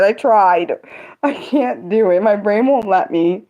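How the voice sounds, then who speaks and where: Fast-talking woman rambling on a livestream. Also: mid-range voice, warm tone. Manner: fast, rambling, self-interrupting talk. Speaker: livestream host sharing poetry. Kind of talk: casual livestream chat. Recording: dull lo-fi sound.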